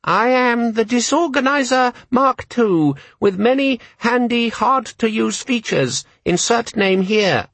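Tiny gadget demon, very high squeaky voice, chirpy and eager, beeping, storybook. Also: male voice, lively intonation, slow pace, few pauses, a bit bright, no echo, heavily acted.

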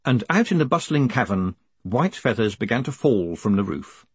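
Husky-voiced male audiobook narrator. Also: medium pitch, very animated, no echo. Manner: wry, measured storytelling. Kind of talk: scripted narration.

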